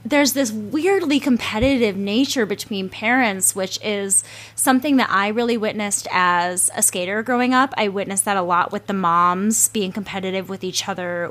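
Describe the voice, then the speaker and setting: A woman's voice: mid-range voice, normal speed, fairly bright tone. A woman hosting a podcast, telling an anecdote in casual chat, emotional and full of fillers. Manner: emotional, storytelling, lots of fillers. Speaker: podcast host.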